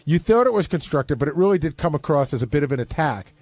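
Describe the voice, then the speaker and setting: Fast-talking, needling man with a high voice. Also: lively intonation, darkish tone, dry recording. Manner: pressing, blunt and needling. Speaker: radio show staffer. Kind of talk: heated on-air argument.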